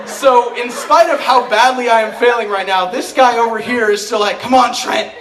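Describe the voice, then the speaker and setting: A teenage boy performing a stand-up comedy routine at a school talent show, telling rambling, self-mocking stories with quick asides. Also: extremely high pitch, background noise. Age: teens. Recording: echoey hall recording from far off, crowd laughing. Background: audience laughter.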